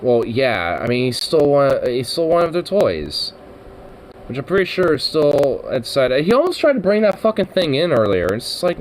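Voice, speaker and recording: A man chatting casually on a stream, swearing freely and cooing softly to his cat. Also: fairly high pitch, very animated, moderate pace, slight background noise, poor audio. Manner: profane, chatty, drops to soft baby talk with his cat. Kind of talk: casual chat.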